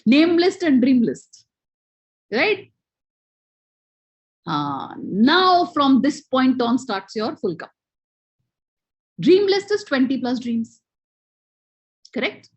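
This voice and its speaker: A woman gives a motivational training talk in a high, husky voice. She tells stories and slips in Hindi phrases. The call audio is a little muffled. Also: sing-song, slow pace, long pauses. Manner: storytelling, mixes Hindi phrases. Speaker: network marketing trainer.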